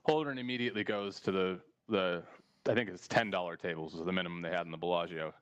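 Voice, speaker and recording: A man's voice: low voice, steady tone, quick pace, clean tone, muffled recording. A man hosting a podcast and telling a long story in casual chat, rambling and laughing often as he goes. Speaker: podcast host.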